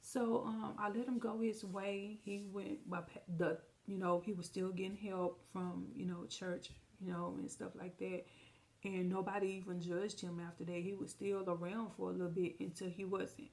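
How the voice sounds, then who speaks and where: A woman's voice: medium pitch, level tone, moderate pace, a little mellow. A woman telling a personal story on a casual storytime vlog, chatty and speaking straight to her viewers, acting out the lines of the people in it. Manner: chatty, addresses viewers directly; vivid retelling with quoted dialogue. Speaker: storytime vlogger.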